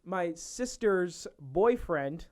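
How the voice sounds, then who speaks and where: A young man with a high-pitched voice chats casually on a podcast. He tells his story in a loose, rambling way and laughs often. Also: animated, extremely slow. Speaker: podcast co-host. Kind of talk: casual chat.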